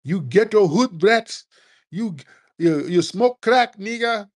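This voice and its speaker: A man voicing a scornful immigrant man who lectures about hard work in a high, sneering voice. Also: animated, takes it slowly. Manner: sneering, high-pitched mockery.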